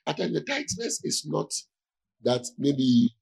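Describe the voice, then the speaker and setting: A man's voice: a little high, very animated, slow pace, vocal fry, darkish tone, husky, low-quality recording. A man preaching as a pastor in a conversational sermon, often checking in with his listeners to see if they follow.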